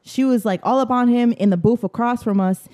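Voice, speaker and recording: A woman's voice: fairly high pitch, fairly quick. A young woman co-hosting a podcast, telling a story in casual, profane chat and acting out what people said. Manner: animated, profane storytelling with acted-out quotes. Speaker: podcast co-host.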